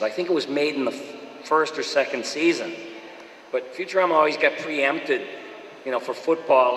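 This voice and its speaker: Animated man in an echoey hall. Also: medium pitch, a little hiss or hum. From Boston. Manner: animated, slips into quick impressions. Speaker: voice actor at a fan Q&A. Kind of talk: casual anecdotal chat. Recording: echoey hall with long reverb.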